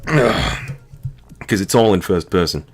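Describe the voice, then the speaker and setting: A man's voice: fairly low pitch, expressive, measured pace, faint music behind. A man with a sore, dry throat, joking and rambling crudely while playing a video game. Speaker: game streamer. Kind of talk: casual let's-play commentary.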